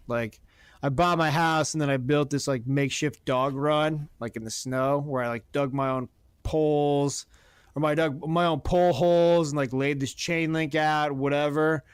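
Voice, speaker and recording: A man telling a long profane story about his neighbor in casual podcast chat, animated and blunt. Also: fairly high pitch, clean tone, no room sound, clean studio sound. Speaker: podcast host. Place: Oregon.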